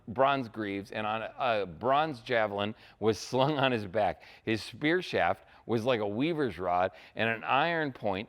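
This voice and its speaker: A man's voice: medium pitch, fairly bright tone. A man preaching a sermon as a pastor, in a casual, conversational way, often checking in with "right?".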